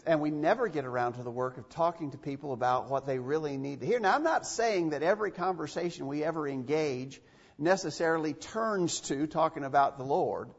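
Husky preacher in an echoey hall. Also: male voice, a little high, a little fast. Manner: emphatic, repeats phrases for stress. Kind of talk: sermon. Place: church. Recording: dull, echoey church recording.

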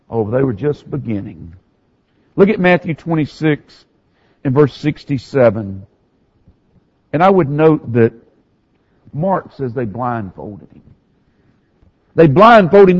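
A male pastor preaching a sermon, telling the story with animated swings from hushed to raised delivery. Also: mid-range voice, slow pace, long pauses, breathy edge, highs cut off.

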